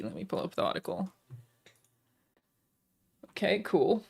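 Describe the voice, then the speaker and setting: A woman's voice: mid-range voice, moderate pace, creaky, long pauses. Sarcastic, swearing woman streamer. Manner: sarcastic, profane, deadpan joking. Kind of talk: live-stream chat.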